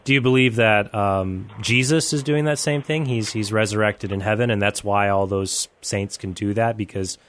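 A man hosting a call-in radio show, talking in a friendly, quick way and often restarting his phrases. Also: fairly low pitch, fairly even intonation. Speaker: radio host.

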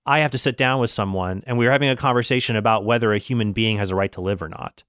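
A man's voice: on the low side, quick pace, fairly bright tone, clean tone, dry recording, studio quality. A man hosting a Christian podcast, talking solo in an earnest, reasoning way, with frequent restarts.

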